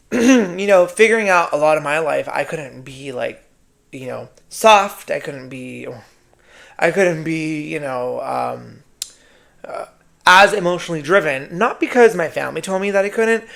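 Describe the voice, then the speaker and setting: Brief: male podcaster, gravelly voice, sassy and foul-mouthed solo talk. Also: on the high side, a bit bright. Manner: sassy, profane, keeps adding "right?". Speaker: podcast host. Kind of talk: casual solo monologue.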